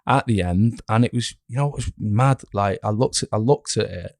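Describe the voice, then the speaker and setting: A man's voice: on the low side, moderate pace, a little mellow, no room sound, clean studio sound. A young man, an actor chatting as a guest in a casual interview, rambling with many restarts and fillers.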